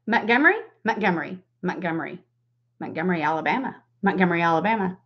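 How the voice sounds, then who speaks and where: On a dull lo-fi livestream, a woman in her forties with a Southern US accent walks through a casual makeup tutorial at normal speed and medium pitch. The makeup vlogger keeps chatting with viewers by name and laughing frequently.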